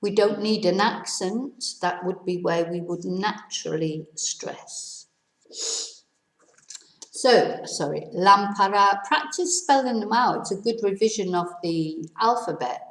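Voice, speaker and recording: A woman teaching a casual video lesson, a little hoarse with laryngitis, spelling words out letter by letter and adding chatty asides. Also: medium pitch, unhurried, fairly bright tone, roomy sound, poor audio. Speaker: Spanish teacher.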